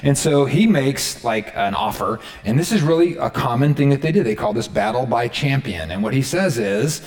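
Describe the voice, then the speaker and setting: A pastor preaches in a casual, conversational way, animatedly retelling a story and regularly checking in with his listeners. His voice is medium-pitched, at normal speed with few pauses.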